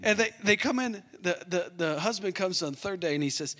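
A man's voice: high voice, animated, brisk, few pauses, sharp tone. A man preaching a sermon, telling a story and acting out both sides of the conversation. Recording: long hall reverb.

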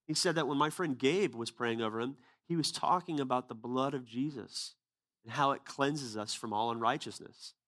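A man's voice: medium pitch, normal speed, a bit bright. A man preaching a sermon, telling a personal story in a casual, conversational way and then pressing his point earnestly. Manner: casual, conversational retelling with quoted dialogue.

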